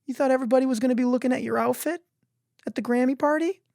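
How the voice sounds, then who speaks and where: A man putting on a high, sneering voice to mock an imagined rival with smug, sing-song taunts. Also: racing, vocal fry, darkish tone, no room sound, clean studio sound.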